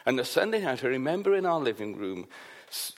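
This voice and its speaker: A man from Wales preaches and tells a personal story with a lively, swooping delivery. He acts out the voices of the people in his tale. His voice sits at an ordinary middle pitch. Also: a little fast. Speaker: pastor.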